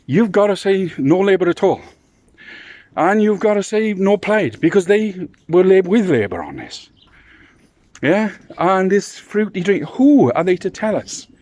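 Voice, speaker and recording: Man, campaigner, fired-up indignant appeal, high-ish animated voice. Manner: indignant, impassioned ranting. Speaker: political campaigner. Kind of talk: direct-to-camera political appeal.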